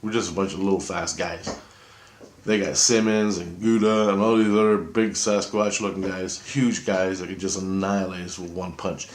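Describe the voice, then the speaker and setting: A man with a low, deep voice spins a rambling first-person story, swearing freely and tripping over his own restarts. His talk is excitable and loose, and the sound bounces around a reverberant room. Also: moderate pace. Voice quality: profane, excitable, talks in restarts. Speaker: vlogger.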